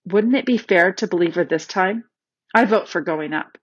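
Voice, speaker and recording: A woman voicing a remorseful, fair-minded younger boy who speaks quickly and earnestly in a storybook reading. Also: lowish voice, breathy edge. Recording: dull, slightly lo-fi dry recording.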